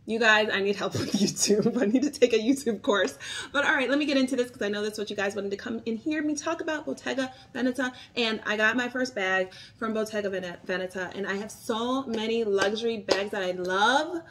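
A woman's voice: fairly high pitch, fairly quick, fairly bright tone. Brief: chatty woman in her thirties, bubbly and rambling, talking into a phone camera at home. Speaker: vlogger reviewing luxury bags. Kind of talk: casual chat to camera.

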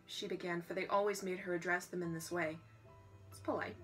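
A woman reading a storybook aloud in a casual way, breaking off for quick, joking asides. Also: lowish voice, steady tone, faint music behind, low-quality recording.

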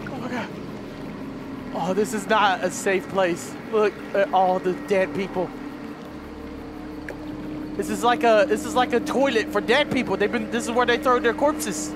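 Hoarse high-voiced guy yelling and cussing thru a horror game let's play, game noise behind. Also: animated, a little slow, long pauses. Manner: jumpy, yelling and swearing, laughing. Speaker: gaming video host. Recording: game sounds under the voice.

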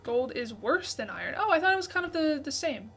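A woman's voice: sits high, a little fast, slight background noise. A woman in her twenties hosting a casual gaming livestream, chatting and thanking viewers for gifts. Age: 20s. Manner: reads out viewer messages, thanks gifters excitedly. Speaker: livestream host.

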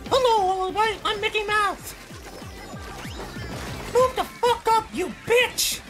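A man putting on a squeaky falsetto voice as a foul-mouthed cartoon mouse, shouting curses. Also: a little slow, over music. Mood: rude. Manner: shouting, cursing, high falsetto.

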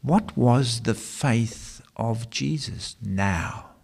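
A man preaching a sermon, asking rhetorical questions and reading scripture in a slow, dramatic way. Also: mid-range voice, gravelly, darkish tone, breathy edge. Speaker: pastor.

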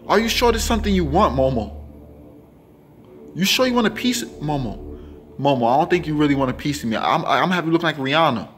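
A young man doing a comedy skit for his channel, loud and dramatic, swinging between pleading and yelling. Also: medium pitch, lively intonation, brisk, long pauses, soft background music. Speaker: comedy vlogger.

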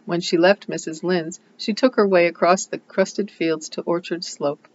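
A reader narrating a classic novel in steady, plain storytelling. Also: medium pitch, moderate pace, highs cut off, a little hiss or hum.

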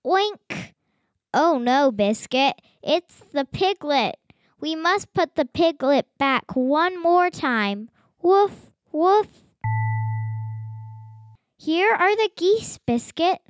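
A woman's voice: high-pitched, animated, slow, no room sound, clean studio sound. Sing-song woman reading a picture book. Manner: gentle, sing-song read-aloud voice. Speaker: storybook reader.

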